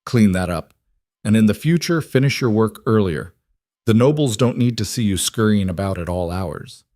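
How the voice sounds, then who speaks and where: A man's voice: fairly low pitch, expressive, moderate pace, mellow, no room sound, studio quality, lightly acted. A man voicing a cold, scheming nobleman who talks down with mockery. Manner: mocking, condescending.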